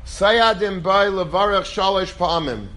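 A man teaching a Torah class as a rabbi, telling stories in a lively way and acting out quoted voices. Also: sits high, unhurried. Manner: animated, acts out quoted voices; lively storytelling, peppered with Hebrew and Yiddish terms.

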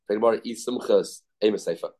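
A Talmud teacher with a fairly low, dark voice talks fast through an informal class. He often starts sentences over and repeats terms, peppering his speech with Hebrew and Yiddish.

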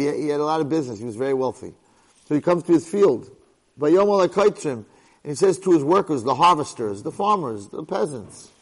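Middle-aged male lecturer, higher register, emphatic classroom delivery full of rhetorical questions. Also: darkish tone, big-room sound, rough recording. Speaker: Torah lecturer. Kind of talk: recorded Torah class.

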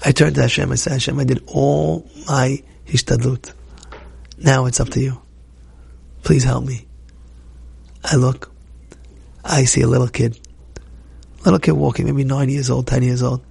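Gravelly excitable male storyteller. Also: medium pitch, normal speed, long pauses. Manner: excitable, repeats words, acts out quotes. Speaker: Torah teacher. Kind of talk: storytelling talk to a class.

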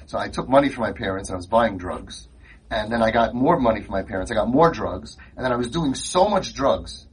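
Man doing a smug young ex-addict, husky voice, sarcastic, deadpan bragging. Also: lowish voice, fairly quick, recorded from a distance, pitched below the performer's own voice, poor audio. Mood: mocking. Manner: mocking, deadpan boasting.

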